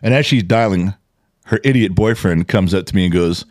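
A man's voice: low voice, fairly quick, dry recording. A man co-hosting a podcast, telling a story in casual chat, cursing and acting out what people said. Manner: animated, profane, acts out quotes loudly. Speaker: podcast co-host.

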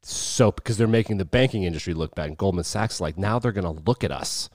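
A man in his thirties co-hosting a podcast, talking in a loose, animated way, swearing freely and mimicking people as he tells a story. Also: deep voice, fast, no room sound, clean studio sound. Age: 30s. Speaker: podcast co-host. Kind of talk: casual chat.

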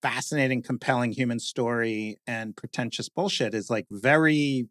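A man in lively conversation, often saying "like" and mimicking stiff announcer voices. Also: medium pitch, moderate pace, dry recording, studio quality. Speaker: guest speaker, podcast creator. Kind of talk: animated conversational talk.

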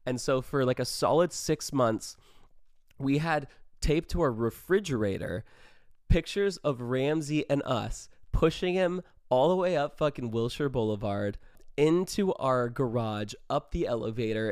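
A man's voice: medium pitch, darkish tone, no room sound, clean studio sound. A young man in his twenties casually telling a funny story, laughing as he goes, swearing freely and saying "like" a lot.

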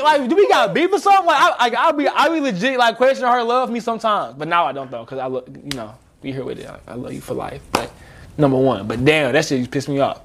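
This is a young man with a notably high-pitched voice, chatting casually among friends. He tells his stories with animated energy and breaks into laughs as he goes. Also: brisk. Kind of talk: casual chat.

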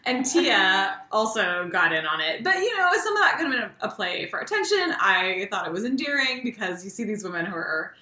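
A giggly, expressive woman co-hosts a casual show recap, her mid-pitched voice bright and full of lively swoops. She thinks aloud and laughs often. Her voice carries a roomy echo. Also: a little fast, hardly any pauses. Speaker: podcast co-host.

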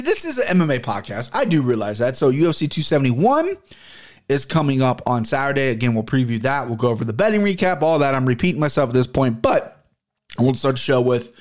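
Excitable rambling podcast host man. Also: medium pitch. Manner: rambling, excitable, swears casually. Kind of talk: casual solo podcast talk. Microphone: camera and podcast mic.

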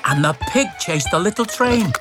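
A storyteller reading a children's picture book aloud with playful, expressive delivery and sound words. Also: medium pitch, moderate pace. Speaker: narrator. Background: children's music.

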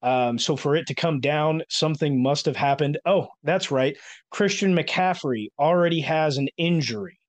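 A man's voice: fairly high pitch, moderate pace, no room sound. A man hosting a casual sports podcast, chatty and rambling, with many filler words. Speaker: podcast host.

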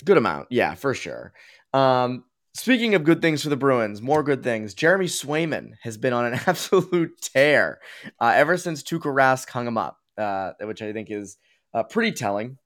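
A man's voice: mid-range voice, very animated, normal speed, a bit bright. A man from the Boston area hosting a casual sports talk podcast, rambling with lots of fillers and restarts. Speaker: podcast host.

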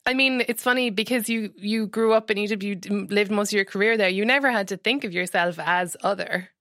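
A woman's voice: mid-range voice, a little fast, a bit bright, no room sound, clean studio sound. A woman podcast host asking curious questions with brief affirmations. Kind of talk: conversational interview.

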